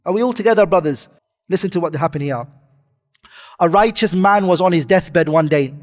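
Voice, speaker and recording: Male preacher, high register, delivers a sermon with Arabic quotes and questions to the crowd, reverberant hall. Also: normal speed. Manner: quotes Arabic then explains in English, asks the audience questions. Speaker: Islamic preacher.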